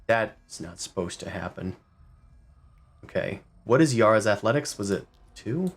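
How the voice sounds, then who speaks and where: A man's voice: fairly low pitch, animated, a little slow, slightly rough. A man acting as game master, loosely describing scenes and making rules calls. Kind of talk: running a tabletop game.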